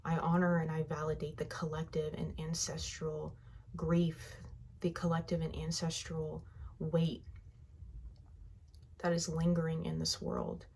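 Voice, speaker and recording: A woman guiding a tapping session, speaking slow, heartfelt first-person affirmations that trail off softly at the ends of phrases. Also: low voice, monotone, creaky, breathy edge. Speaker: EFT tapping guide.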